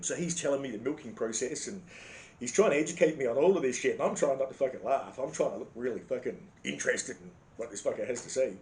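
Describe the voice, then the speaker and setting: A man's voice: medium pitch, fast talker, a little mellow. An Australian man telling a profane, sarcastic comic story, swearing constantly in a blunt way. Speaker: comedic storyteller. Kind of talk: profane comedic anecdote. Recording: roomy echo.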